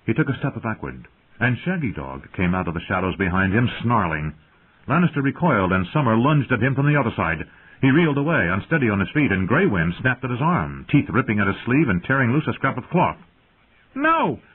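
Man, audiobook narrator, low voice, animated pitch, measured storytelling, lo-fi phone-like sound. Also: a little hiss or hum. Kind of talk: scripted fantasy narration.

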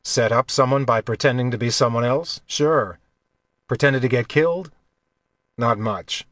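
A man voicing a young thief in his own voice, low, calm and dry-humored, in an audiobook. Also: unhurried, no echo, natural voice. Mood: reassuring. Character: young male thief, wry and quietly confident.

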